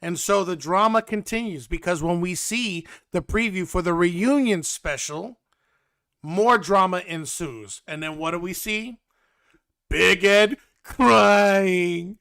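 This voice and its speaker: A man's voice: high voice, slow, pushed and bright, clean tone, no echo, clean studio sound. A young man with a New York accent, hosting a blunt, mocking reality TV commentary. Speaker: host.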